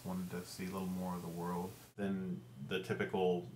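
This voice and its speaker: A man's voice: sits low, monotone, moderate pace, reverberant, over loud music. A man with a Central Ohio accent, talking to his computer in a casual, hesitant, rambling vlog full of fillers. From Ohio, USA. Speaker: video blogger. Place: room at home in front of computer.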